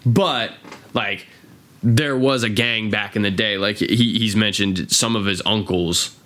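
A man's voice: on the low side, steady tone, measured pace, a bit bright. An American man hosting a casual podcast, rambling and swearing freely, with lots of fillers. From United States. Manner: rambling, profane, filler-heavy. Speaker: podcast host. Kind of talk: casual chat.

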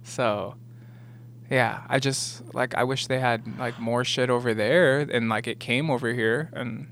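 Young man, podcast co-host, animated and profane, slips into silly voices for quotes. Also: mid-range voice, a little slow, slight background noise. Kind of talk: casual chat.

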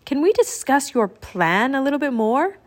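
A woman's voice: sits high, sing-song, normal speed, pitched above the performer's own voice. A woman voicing a nervous, cautious young boy in an audiobook reading, with an anxious, pleading manner.

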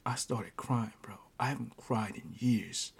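A man hosting a podcast, telling a personal story in casual chat, animated, often stammering and breaking into laughter. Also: lowish voice, measured pace, creaky, husky. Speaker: podcast host.

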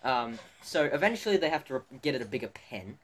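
A man's voice: medium pitch, very animated, quick pace, fairly bright tone. A teenage boy co-hosting a casual podcast, talking in a rambling way with many fillers and restarts. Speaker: podcast co-host. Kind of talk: casual podcast chat among students. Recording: faint background noise.

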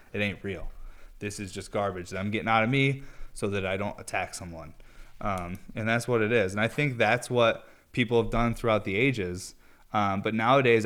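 A young man in a casual, rambling monologue, laid-back and profane, joking at his own expense. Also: lowish voice. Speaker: vlogger.

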